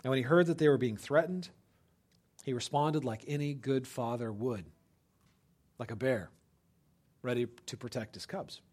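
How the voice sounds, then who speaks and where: A man preaching a conversational sermon, checking in with listeners and breaking into loud, animated bursts for emphasis. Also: mid-range voice, normal speed, pauses often. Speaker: pastor.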